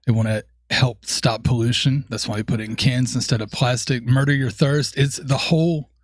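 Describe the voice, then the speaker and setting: A man with a deep, raspy voice, chatting eagerly as a podcast guest. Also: fairly even intonation, moderate pace, no echo, studio quality. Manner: enthusiastic, laughs easily. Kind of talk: casual podcast chat.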